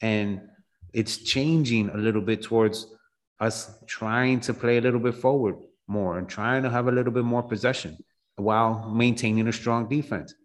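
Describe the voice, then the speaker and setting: A man's voice: mid-range voice, steady tone, moderate pace, rough recording. A man in a casual football chat, talking hesitantly with many fillers.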